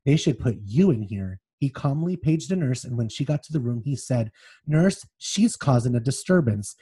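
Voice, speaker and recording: Guy on a podcast reading book bits out loud all dramatic, warm husky sound. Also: medium pitch, lively intonation, normal speed. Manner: reads excerpts aloud with feeling, then chats loosely. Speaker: podcast co-host.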